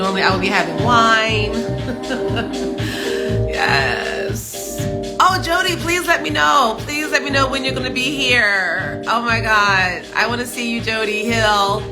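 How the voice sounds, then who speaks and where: A woman in her morning voice hosting a casual livestream from home, chatting upbeat with viewers and laughing often. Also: on the high side. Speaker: livestream host. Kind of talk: casual live chat greeting viewers.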